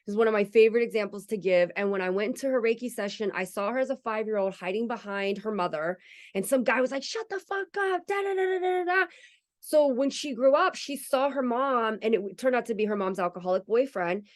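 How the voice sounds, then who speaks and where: A woman's voice: medium pitch, fast talker. A woman hosting a casual spiritual podcast, chatty and candid, swearing freely. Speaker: podcast host.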